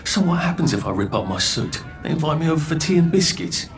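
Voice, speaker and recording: A man's voice: on the high side, sing-song, fast talker, faint music behind. An actor playing a nervous, polite young Englishman in a video game, dry and muttering asides to himself, with an English accent. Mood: wary. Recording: noisy game audio.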